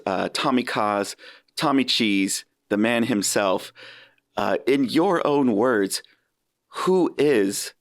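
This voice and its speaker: A man's voice: fairly low pitch, dry recording, studio quality. A man with an American accent hosting a podcast, casual and meandering, laughing often. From United States. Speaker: podcast host. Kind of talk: casual interview chat.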